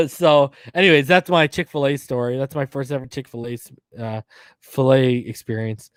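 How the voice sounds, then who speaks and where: A man in his thirties from the northern US, telling a story in casual podcast chat, animated, slangy and profane. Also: mid-range voice, normal speed, smooth, dry recording. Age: 30s. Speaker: podcast host.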